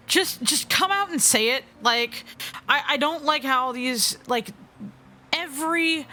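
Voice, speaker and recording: A woman's voice: high-pitched, slow, sharp tone. A woman co-hosting a let's play, cutting in with exasperated, stammering comments. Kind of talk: casual reactions. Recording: background game music. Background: game music.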